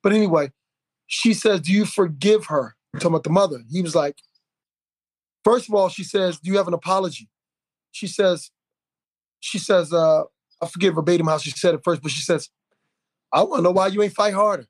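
A man hosting a podcast, telling a story in a lively way, acting out quotes with plenty of fillers and restarts. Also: fairly high pitch, brisk, pauses often, slightly rough, no echo. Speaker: podcast host. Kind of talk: casual podcast conversation.

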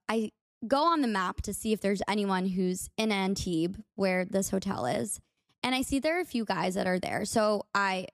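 A woman's voice: mid-range voice, no echo. Chatty young American woman, dry close sound. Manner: chatty, peppered with "like", upbeat. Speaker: podcast host. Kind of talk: casual storytelling monologue.

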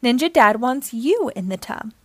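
A woman voicing a frazzled dad who pleads and tries to stay calm. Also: fairly high pitch, moderate pace, dry recording. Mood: pleading calm. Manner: pleading, wailing.

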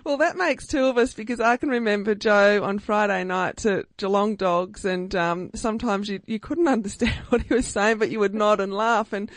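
A woman's voice: medium pitch, normal speed, hardly any pauses, dry recording. A woman hosting a radio show, interviewing a guest in a friendly, chatty manner. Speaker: radio host.

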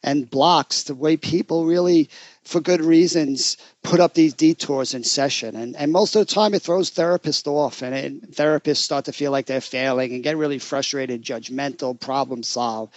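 A man, a therapist co-hosting a podcast, talking in a gentle, reflective way. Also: a little high, moderate pace, dry recording. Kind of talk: casual podcast conversation.

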